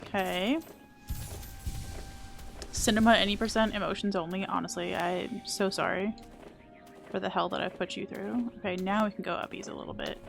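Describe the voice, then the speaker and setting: A woman's voice: mid-range voice, steady tone, moderate pace, vocal fry, long pauses, soft background music. A woman streaming a video game live, chatting casually, joking at her own mistakes and swearing now and then. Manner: chatty, self-deprecating, swears casually, playful baby talk.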